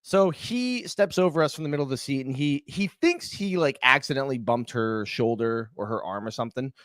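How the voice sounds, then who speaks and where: A man co-hosting a podcast, telling a story in casual, profane, animated rants. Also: mid-range voice, a little fast, clear, resonant tone, no echo, studio quality. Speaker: podcast co-host.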